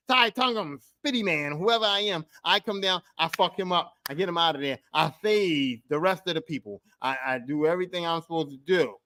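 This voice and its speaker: A man hosts a podcast, his voice pitched high and bright. He rants in a profane, animated comic monologue, dropping to low mutters and then bursting out loud. The recording is close and dry, with no room echo. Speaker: podcast host. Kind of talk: casual comedic monologue.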